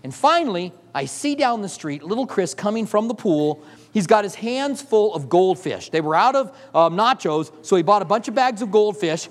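With a high-pitched voice, lively intonation and a moderate pace, a middle-aged male pastor delivers a story-filled sermon. He acts out the voices of the people he describes and laughs often, recorded with the long reverb of a large hall.

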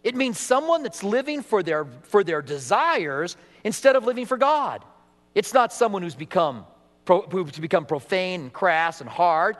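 A middle-aged man preaching a sermon as pastor, animated, acting out quoted voices as he goes. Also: high-pitched, normal speed. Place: church sanctuary. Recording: long hall reverb.

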